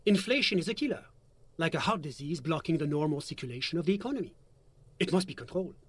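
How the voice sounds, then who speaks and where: Game NPC: a courteous, formal official with a slightly higher voice, explaining at length. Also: male voice, expressive, quick pace, a bit bright, husky, no room sound. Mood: measured, explanatory. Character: polite male bureaucrat commissioner, formal and measured. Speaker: game character. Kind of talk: video game voice acting.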